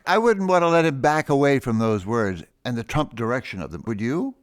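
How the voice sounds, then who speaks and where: A man's voice: medium pitch, sing-song, fairly quick. A man hosting a radio interview show, asking probing questions and summing up with emphasis. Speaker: radio host.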